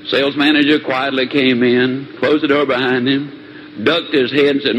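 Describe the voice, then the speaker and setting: A man giving a motivational speech, telling a story in an animated, theatrical way. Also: mid-range voice, moderate pace, dull audio, a little hiss or hum. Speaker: motivational speaker.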